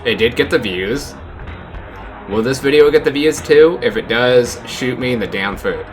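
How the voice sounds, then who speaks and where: A man's voice: mid-range voice, expressive, normal speed, soft background music. A young American man giving casual, rambling gameplay commentary as a YouTuber, saying "like" a lot. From United States. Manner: casual, rambling, heavy use of "like". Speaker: gaming YouTuber.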